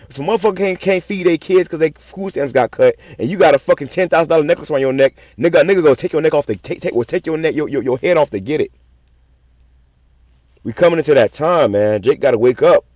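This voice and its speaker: Swearing often and stumbling through repeated words, a man preaches scripture in a raw, profane way. His pitch is a little high and his tone darkish, with no echo. The audio is dull and lo-fi.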